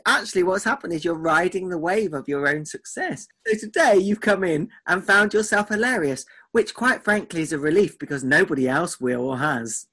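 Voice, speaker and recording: A man co-hosting a podcast with casual banter, teasing his partner in a quick-fire, mock-exasperated way. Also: a little high, bright, forceful tone. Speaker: podcast co-host.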